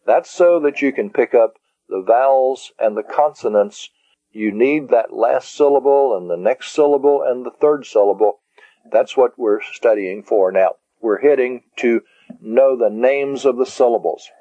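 Male teacher, very slow and patient, mellow voice, dry dull lo-fi sound. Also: medium pitch, no room sound. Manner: slow, patient, repeats key words. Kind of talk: slow lecture on Greek syllables. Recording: dull lo-fi recording.

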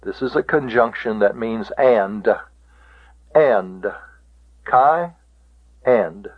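A man teaching a Greek vocabulary lesson. He repeats each word slowly and stresses how it is pronounced. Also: on the low side, expressive. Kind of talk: classroom lecture on Greek vocabulary. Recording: tinny, phone-like lo-fi recording.

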